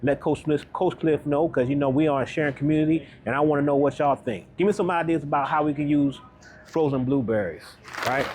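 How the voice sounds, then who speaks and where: Walking the grocery aisles, this male wellness coach chats about what he's buying in a bright, easygoing vlog manner, checking in with a brief "right?" His slightly high voice has a darkish color, with a touch of hiss or hum underneath.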